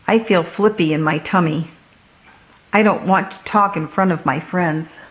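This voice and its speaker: A shy, gentle little boy who speaks softly and kindly to his friends, as a woman reads him aloud. A slow, careful storybook voice. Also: fairly low pitch, natural voice. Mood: nervous. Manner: quiet and gentle. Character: shy, thoughtful young boy.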